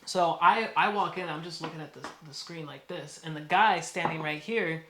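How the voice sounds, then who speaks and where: A man's voice: a little high, moderate pace, background noise. A man co-hosting a podcast, casually telling a story and acting out the people in it. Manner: animated storyteller, acts out quoted people. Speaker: podcast co-host.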